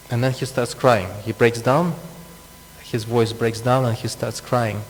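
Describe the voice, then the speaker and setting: A man's voice: mid-range voice, little pitch movement, unhurried. A man preaching a scripture class, explaining with asides and frequent chuckles. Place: temple hall. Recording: long reverb, faint hum.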